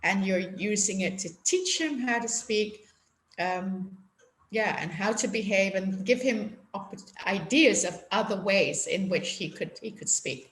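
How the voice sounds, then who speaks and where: A woman guest giving gentle, explanatory parenting advice in a conversational interview. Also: mid-range voice, measured pace. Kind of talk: conversational advice on video call. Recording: echoey room with faint noise.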